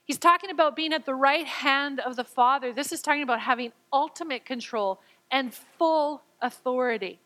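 A woman preaching a sermon, moving between reading scripture and explaining it in her own words. Her voice sits fairly high and sounds bright and forward. She acts out the quoted lines and sometimes stammers as she gets excited. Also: normal speed, low-quality recording.

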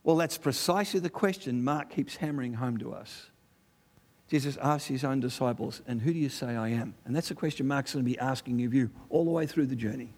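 A middle-aged man with an Australian accent preaching a sermon, animated and conversational, firing rhetorical questions and asides at the congregation. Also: medium pitch, fairly quick, slightly rough.

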